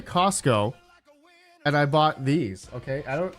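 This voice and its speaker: A man's voice: a little high, expressive, moderate pace, faint music behind. Rambling man hosting a mining livestream. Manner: rambling, searching for words, many fillers. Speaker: crypto mining channel host. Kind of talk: casual livestream chat.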